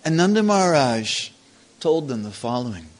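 A man retelling a devotional story as a preacher, deliberate and measured. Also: mid-range voice, sing-song. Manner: slow, deliberate, chants scripture verses.

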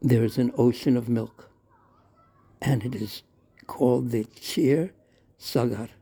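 A tender storybook mother, soothing and patient, explaining slowly to her small son, voiced by a man. the voice is dark and mellow with a gravelly, husky grain. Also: medium pitch, steady tone, heavily acted. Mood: gentle. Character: gentle loving mother of the child.

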